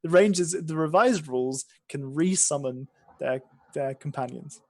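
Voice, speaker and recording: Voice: mid-range voice, measured pace, a little mellow. A game master chatting casually at a tabletop game, joking, teasing and laughing often.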